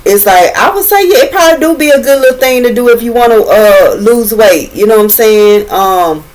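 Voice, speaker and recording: A woman's voice: a little high, animated, a little fast, darkish tone, rough recording. A middle-aged woman telling a casual storytime vlog, talking in loose slang and swearing freely, and filling her talk with "you know what I'm saying.". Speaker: vlogger.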